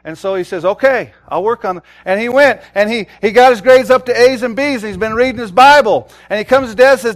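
A pastor in his forties preaching a sermon, telling stories and acting out the quotes with big swings from loud to soft. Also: high voice, a little fast, hardly any pauses. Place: church sanctuary.

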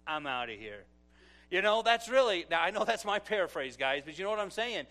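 A middle-aged male pastor preaching a sermon, swinging from loud exclamations to hushed asides as he tells stories and acts out quotes. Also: high voice, big pitch swings, a little fast, faint music behind.

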